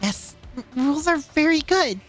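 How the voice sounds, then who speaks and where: A woman's voice: high voice, expressive, moderate pace, soft background music, pitched above the performer's own voice. A woman voicing a shy, stammering engineer girl who is obsessed with machines, reading a game scene. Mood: nervous. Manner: stammering, nervous.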